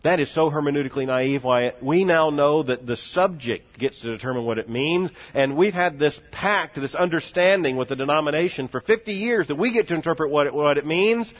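A man in his forties, a seminary president, telling a story in a speech, swinging between hushed and loud with laughing asides. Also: a little high, brisk, hardly any pauses. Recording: dull lo-fi recording.

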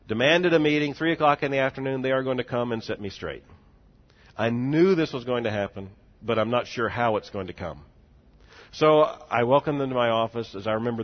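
A man in his forties, a seminary president, telling a story in a speech, swinging between hushed and loud with laughing asides. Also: medium pitch. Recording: dull lo-fi recording.

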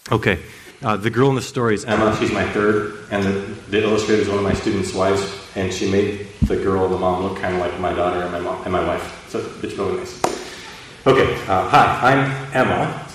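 A man's voice: low-pitched, little pitch movement, brisk, a little hiss or hum. A man teaching and reading a children's book aloud, speaking in a friendly, plain way. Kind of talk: read-aloud storytelling. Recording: echoey room from a distant mic.

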